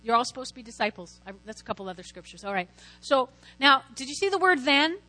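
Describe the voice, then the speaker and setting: A woman preaching a sermon in a lively way, calling out to her listeners and asking them to answer back. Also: high-pitched, fast talker. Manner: lively, lots of call-and-response. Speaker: Christian teacher preaching.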